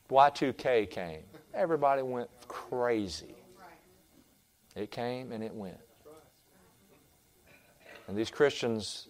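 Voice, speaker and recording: Fiery preacher with a smooth voice. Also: male voice, medium pitch. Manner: fiery preaching with big swings from shouting to quiet. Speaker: pastor. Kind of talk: sermon.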